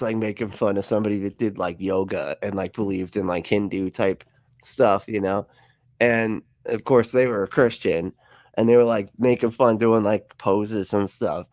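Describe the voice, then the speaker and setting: Laughing, animated man on a livestream. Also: normal speed, no echo, clean studio sound. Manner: animated, laughs often, swears, jumps pitch for mocking quotes. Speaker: livestream host. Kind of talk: casual chat.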